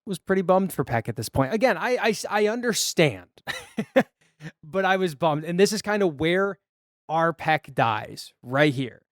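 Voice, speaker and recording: A man with a somewhat high voice retells a movie in casual podcast chat. He rambles a little and acts out the characters' lines as he goes. The recording is dry, with no room sound. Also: very animated, measured pace, no room sound. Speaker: podcast co-host.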